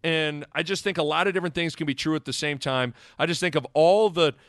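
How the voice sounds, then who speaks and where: A man's voice: a little high, fast, no room sound, clean studio sound. A man co-hosting a sports podcast, talking casually and rambling with many restarts. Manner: rambling, self-correcting, animated. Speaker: podcast co-host.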